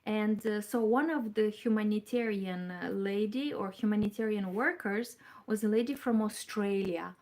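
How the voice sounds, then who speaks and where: A woman's voice: medium pitch, darkish tone. A woman from Moldova hosting a casual knitting livestream. She chats with viewers, thinks aloud and laughs along the way. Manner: unhurried, chatty, thinking aloud with fillers and laughs. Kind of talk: casual livestream chat, reading viewer comments.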